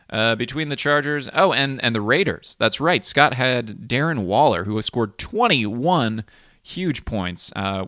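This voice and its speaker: Guy doing a casual solo podcast, bright forceful voice, kinda low, dry close sound. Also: gravelly, no room sound. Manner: chatty and rambling, with frequent ums and self-corrections. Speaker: fantasy football league podcast host.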